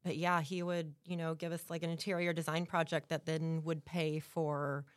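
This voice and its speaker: A woman's voice: low-pitched, flat delivery, normal speed, no echo, studio quality. A middle-aged woman, a realtor and home stager, telling personal stories in casual interview chat, earnest and emotional, with lots of fillers.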